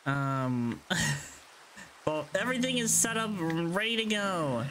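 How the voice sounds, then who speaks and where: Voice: medium pitch, big pitch swings, slow pace, background noise. A gaming video creator giving casual gameplay commentary, jittery and repeating phrases over and over when flustered, with nervous laughs.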